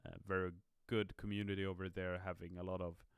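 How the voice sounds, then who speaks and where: A man's voice: low voice, flat delivery, quick pace, smooth, no room sound, studio quality. A tired, yawning man chatting upbeat on a live stream as a game community manager, reading viewer comments aloud. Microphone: streaming mic.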